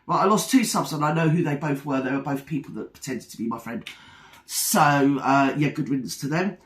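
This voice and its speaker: A woman's voice: low-pitched, a little fast, echoey room. A woman comedy vlogger in a casual ranting monologue, blunt, defiant and indignant.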